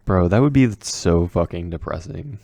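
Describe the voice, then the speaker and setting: A man's voice: deep voice, expressive, normal speed, gravelly, mellow. A young man in casual podcast chat, reacting loosely and swearing a lot. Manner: reactive, swears, interjects with dude and laughs. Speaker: podcast co-host.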